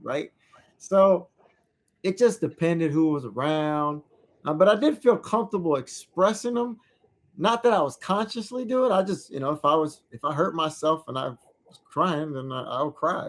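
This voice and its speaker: Reflective man with a slightly high voice. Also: lively intonation, normal speed. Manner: thoughtful, searching, with frequent restarts. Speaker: podcast co-host; parent. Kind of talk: casual reflective conversation.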